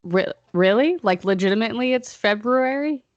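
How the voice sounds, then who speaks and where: A woman's voice: lowish voice, normal speed, dry recording, lo-fi sound. A young woman co-hosting a casual chat podcast, rambling and playfully sarcastic. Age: young adult. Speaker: podcast co-host.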